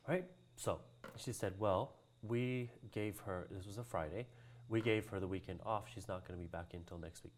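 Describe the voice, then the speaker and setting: A man from Hawaii, a cultural practitioner, tells a long personal story in a casual interview, laughing often and acting out the voices of the people he quotes. His voice is fairly low with a darkish tone.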